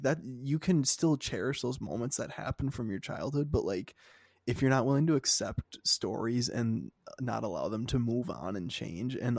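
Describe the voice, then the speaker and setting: A young man chats on a podcast, his voice gravelly with vocal fry. He gets heated and exasperated, ranting in a casual way. The sound is close and dry, with no room around it. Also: mid-range voice, darkish tone, no echo. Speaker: podcast co-host.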